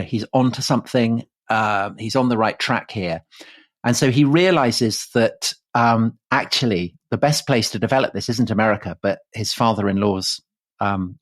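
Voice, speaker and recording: A man's voice: lowish voice, moderate pace, dry recording. A man co-hosting a podcast, telling a history story in a chatty, joking way full of fillers. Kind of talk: casual history chat.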